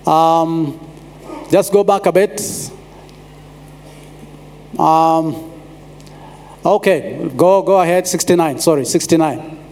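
A man preaches a sermon, his voice pitched high for a man. He pauses often and repeats phrases to drive a point home. The sound carries a long reverb from a large hall. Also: a little mellow, a little hiss or hum. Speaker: pastor.

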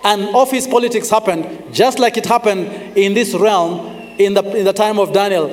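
A man preaching a sermon. He is emphatic, slows down on scripture and calls on the congregation to respond. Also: high-pitched. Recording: long reverb of a large hall.

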